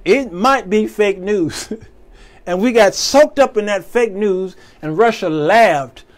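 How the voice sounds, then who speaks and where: Guy hosting his own show, kinda preachy, folksy and loose, pretty high voice. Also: slow pace. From American Midwest. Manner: informal and folksy, laughs between points. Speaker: show host. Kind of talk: preaching talk-show commentary.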